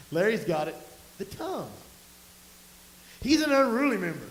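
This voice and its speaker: A man's voice: high-pitched, very animated, a little slow. A man with a drawl preaching a folksy, storytelling sermon to his congregation, with emphatic bursts. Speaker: pastor. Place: church sanctuary. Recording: echoey room with faint hiss.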